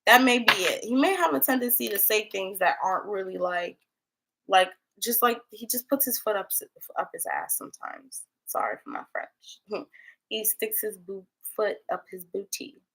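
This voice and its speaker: A woman's voice: mid-range voice, big pitch swings, normal speed, gravelly, fairly bright tone. Chatty young woman reading tarot. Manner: chatty, rambling, full of "like" fillers. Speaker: tarot reader. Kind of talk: casual livestream tarot reading.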